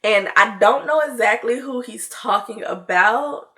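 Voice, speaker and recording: A young woman telling a storytime tale to her viewers in a loose, chatty way, full of "like" and "you know", and lively when she acts out her own lines. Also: on the high side, unhurried. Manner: animated when mimicking herself in dialogue. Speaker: vlogger. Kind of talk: casual storytime chat.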